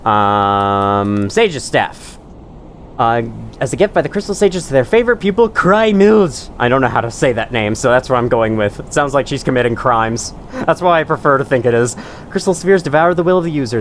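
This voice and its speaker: A man in his own gaming channel's let's-play commentary, rambling and poking fun at himself as he plays. His voice sits at an ordinary middle pitch. A faint hiss of noise runs under the recording. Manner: rambling, self-mocking, chuckles to himself.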